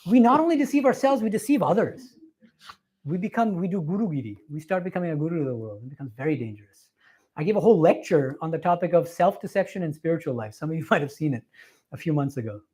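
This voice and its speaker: Before a live audience in a meditation hall, a monk in his forties, here as a visiting swami, gives a spiritual talk, telling stories earnestly and emphatically amid laughs. His voice is fairly high, husky, and darkish, with lively intonation and a quick pace.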